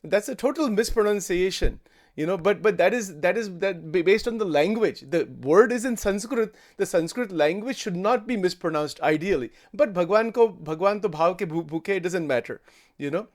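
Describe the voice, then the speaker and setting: A man leads a satsang, his voice sitting high for a man. He explains patiently, repeats key words and often restarts his sentences, mixing English with Hindi phrases. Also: expressive, moderate pace. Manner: frequent restarts and stammers. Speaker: spiritual teacher. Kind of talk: daily satsang discourse.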